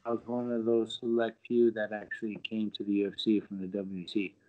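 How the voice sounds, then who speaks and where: A man's voice: lowish voice, level tone, fairly quick, darkish tone. A middle-aged man, a guest on a podcast, telling a story casually and animatedly, acting out quotes with lots of fillers. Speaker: guest, former pro fighter. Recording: dull lo-fi sound.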